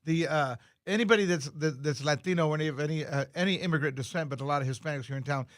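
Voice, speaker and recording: A man hosting a morning radio show speaks in a high, fast voice and keeps up a chatty flow of short affirmations. The studio sound is close and dry. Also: fairly bright tone, dry recording. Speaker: radio host.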